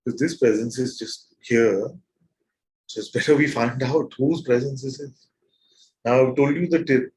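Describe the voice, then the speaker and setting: Gently probing male spiritual teacher. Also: mid-range voice, fairly even intonation, normal speed, poor audio. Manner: probing, asks repeated questions; gentle and playful, with soft laughs. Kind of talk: satsang teaching to a live group.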